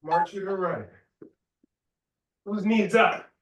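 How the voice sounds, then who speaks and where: A man's voice: high voice, takes it slowly, recorded from a distance. A man leading a workout class as fitness instructor, giving short cues and counting reps aloud, at times out of breath. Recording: roomy echo.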